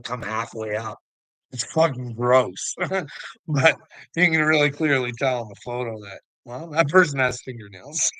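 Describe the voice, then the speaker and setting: Bright-voiced man, swearing and ranting, laughs a lot, very dry close sound. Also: medium pitch, dry recording, poor audio. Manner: profane, heated, laughing between lines. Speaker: vlogger. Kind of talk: ranting monologue to camera.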